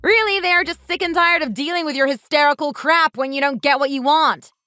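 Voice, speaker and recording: A woman's voice: high voice, a little fast, pushed and bright, no echo, soft background music. A woman voicing a defiant young daughter-in-law in a texting story, firing back sarcastic, cutting comebacks.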